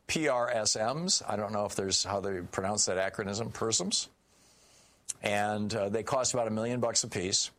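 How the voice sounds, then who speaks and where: A man's voice: fairly low pitch, fairly bright tone. A man doing solo political commentary, reading news quotes aloud with indignant, sarcastic asides and many fillers.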